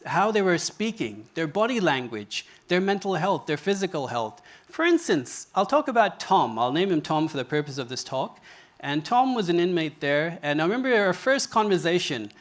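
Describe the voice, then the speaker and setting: A man's voice: sits high, big pitch swings, moderate pace. Earnest man giving a stage talk. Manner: earnest storytelling with quoted dialogue. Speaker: speaker. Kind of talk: public talk. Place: stage before an audience.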